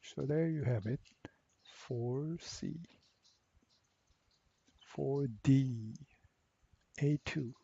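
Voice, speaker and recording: A man walking through a software assignment step by step, repeating each instruction slowly. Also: mid-range voice, vocal fry, breathy edge, dry recording, highs cut off. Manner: slow, step-by-step, repeats cell names. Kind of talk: screen-recorded software tutorial.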